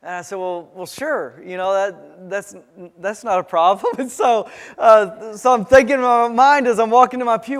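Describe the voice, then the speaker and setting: A male pastor preaching a sermon, telling a personal story in a halting way, full of restarts and fillers. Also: high voice. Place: church sanctuary. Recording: church sanctuary with long reverb.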